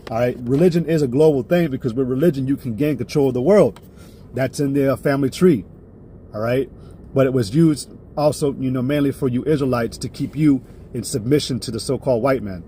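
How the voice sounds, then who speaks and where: A man's voice: medium pitch, a little hiss or hum. A man teaching a live-streamed religious lesson in a heated, profane way. He keeps checking in with "all right?" and flares up before reining himself in. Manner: flares up loudly, then reins himself in.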